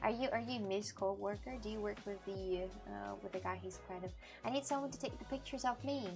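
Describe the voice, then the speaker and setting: A woman's voice: on the high side, moderate pace, music in the background. A woman streamer chatting casually with her live chat, laughing often and restarting her sentences. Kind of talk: casual IRL livestream chat.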